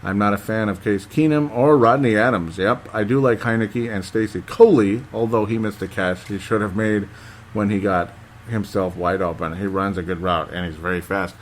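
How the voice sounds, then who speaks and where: A man's voice: on the low side, fairly even intonation, moderate pace, slight background noise. A man hosting a casual sports podcast, reading listener comments aloud and reacting in a rambling way. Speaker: podcast host.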